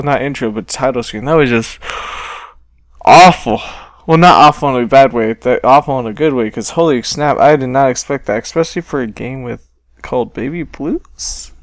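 A man's voice: medium pitch, dry recording. A man hosting a horror game let's-play, jumpy and exclaiming, talking back to the game as he plays. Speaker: gaming channel host.

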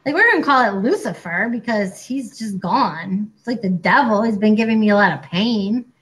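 A woman in her forties co-hosting a casual chat, talking in a chatty, animated way and acting out other people's lines. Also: medium pitch, normal speed, rough recording. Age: 40s. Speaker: co-host.

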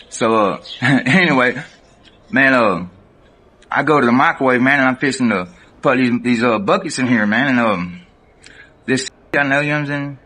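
A man with a Southern American accent, casually telling a profane, animated prison story straight to the camera and laughing often. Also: medium pitch.

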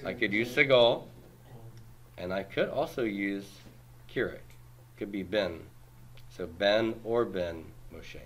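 A man's voice: fairly low pitch, expressive, measured pace, pauses often, a bit bright. A man teaching a Hebrew grammar class, explaining patiently and quizzing his students with questions and homely comparisons.

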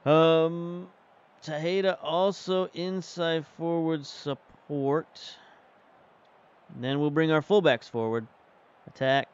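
In a smooth, slightly high voice, a man casually talks through a football management game he's streaming, weighing tactics and substitutions out loud. His manner is chatty as he manages the match. The sound is lo-fi.

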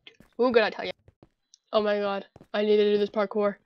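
A young Irish woman, a gamer, giggles and chats to herself as she plays a video game in casual commentary. Her mid-range voice keeps a level tone at a moderate pace, and the recording sounds muffled.

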